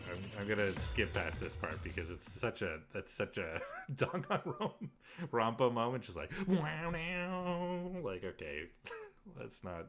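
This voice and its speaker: A man's voice: on the low side, sing-song, a little slow, crowd noise. A man streaming a game live, reacting emotionally and laughing often as he comments on the story. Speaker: let's play streamer.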